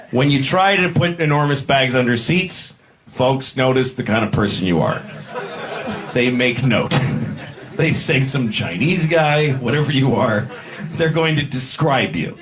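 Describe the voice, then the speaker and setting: A man doing stand-up comedy, rambling and deadpan with halting restarts. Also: medium pitch.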